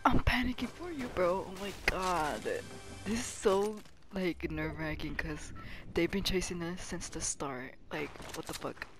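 A young woman gaming with a teammate, swearing often and swinging between tense whispers and panicked yelling. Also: lowish voice, measured pace, music in the background. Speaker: gamer. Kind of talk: live gameplay chat with a teammate.

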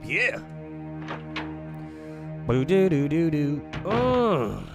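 A man's voice: on the high side, sing-song, extremely slow. A man from the Philadelphia area streaming a game, chatting casually, joking, swearing a lot, and rambling. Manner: profane, joking, rambling, humming to himself. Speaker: gaming streamer. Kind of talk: casual live-stream chat over gameplay. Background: game music.

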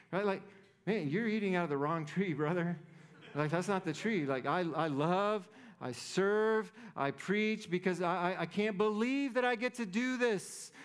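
A man's voice: sits high, moderate pace, clean tone. A man preaching a sermon as pastor, conversational and playful, often checking in with the congregation. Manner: conversational, playful, keeps asking "right?".

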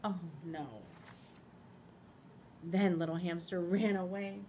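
A woman principal reading a picture book aloud to children in a school library, expressive, pausing to ask them questions. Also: mid-range voice, slight background noise.

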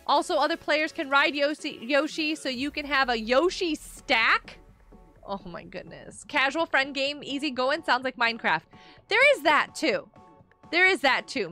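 High, lively, bright-voiced woman streamer. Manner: chatty, reads chat aloud, excitable outbursts. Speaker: live-streaming gamer. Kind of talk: casual live-stream chat while playing.

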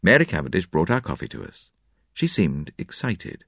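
A low-voiced man narrates a classic mystery with a highly animated, dramatic delivery. His pitch swings widely from line to line. The recording is dry and close. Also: normal speed, vocal fry, breathy edge, no echo. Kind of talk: audiobook narration.

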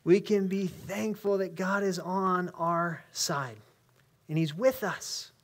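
A male pastor with an American accent, preaching a conversational sermon in a church and reading scripture slowly with emphasis. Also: high voice. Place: church sanctuary.

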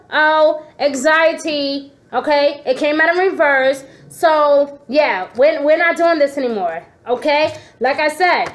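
High-voiced sassy woman reading tarot. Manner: expressive, sassy, talks straight to viewers with endearments. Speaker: tarot reader. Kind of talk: casual tarot reading to camera.

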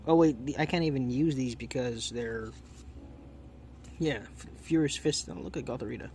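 A man's voice: medium pitch, normal speed, creaky, a little mellow, a little hiss or hum. A man with the hiccups doing chatty, easily delighted commentary while opening trading card packs and thinking aloud. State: has the hiccups. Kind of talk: casual unboxing commentary.

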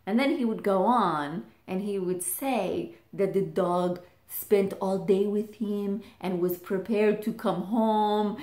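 A woman from England, a vlogger telling a childhood story in an animated way, leaping up high when she quotes her child self. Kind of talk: personal storytelling. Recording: roomy echo.

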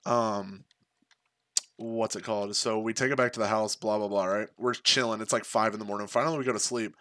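A man's voice: lowish voice, fairly even intonation, brisk, fairly bright tone, dry recording. A young man casually telling a personal story, laid-back and profane, full of slang and fillers. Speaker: streamer.

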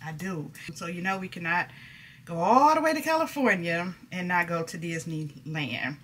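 Chatty woman vlogger, low voice. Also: lively intonation, moderate pace, a little hiss or hum. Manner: chatty, laughs often, folksy slang. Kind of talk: casual chat to camera.

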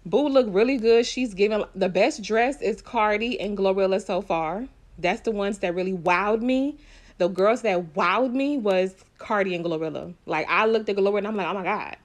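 Woman vlogger reacting live, chatty and opinionated, lots of slang, mid-pitched. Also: normal speed. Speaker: vlogger reacting to an awards show. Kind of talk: casual live reaction commentary.

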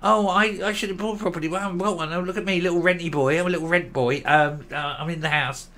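A man's voice: high-pitched, steady tone, fast, pushed and bright, voice pushed up. Whiny childish male politician, mocking baby talk, put on by a male commentator.

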